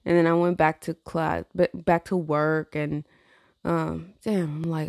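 A woman's voice: sits low, level tone, moderate pace, gravelly, a little mellow, no echo. A tired woman venting in a casual chat, blunt and profane, rambling with frequent laughs. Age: adult with a teenage niece. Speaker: vlogger.

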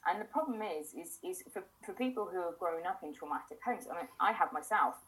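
A woman therapist and podcast host explaining ideas in a measured, reflective way, with many fillers. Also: lowish voice, a bit bright, rough recording.

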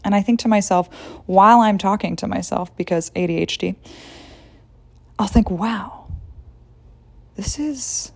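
A woman's voice: medium pitch, moderate pace, vocal fry, long pauses, darkish tone. A woman hosting a casual solo podcast, rambling, jokey and profane as she talks to listeners. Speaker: podcast host.

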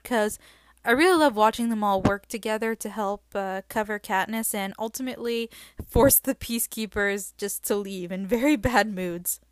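A woman's voice: on the high side, dry recording, clean studio sound. A woman hosting a book podcast, recapping chapters in a chatty way with frequent filler sounds, then reading passages aloud. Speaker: podcast host.

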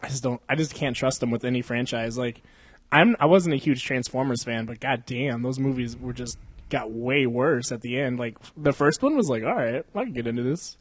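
A foul-mouthed podcast host rambles through stories in a mid-range voice, cursing constantly and breaking into laughter. The studio mic is close and dry, with no room sound at all. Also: male voice, mid-range voice, normal speed, slightly rough, no room sound. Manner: profane, laughs often, mimics voices in quotes. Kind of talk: casual podcast chat. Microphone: studio condenser mic.

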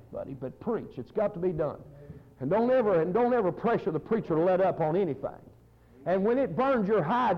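A man preaching a fiery, folksy sermon full of stories. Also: high-pitched. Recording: muffled lo-fi sermon recording.

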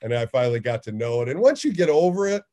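A middle-aged man with a warm, mellow voice, chatting in an easygoing interview. He tells stories animatedly, jumping higher when he acts out what people said. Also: big pitch swings, fast. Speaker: baseball radio host. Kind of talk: casual interview storytelling.

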